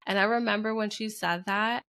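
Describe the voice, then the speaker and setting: A woman's voice: mid-range voice, fairly even intonation, fairly quick, vocal fry, pushed and bright, clear, resonant tone. A young adult woman, a podcast co-host and mother, talking candidly and from the heart in casual chat, with many "like" fillers. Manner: candid, heartfelt, heavy use of "like".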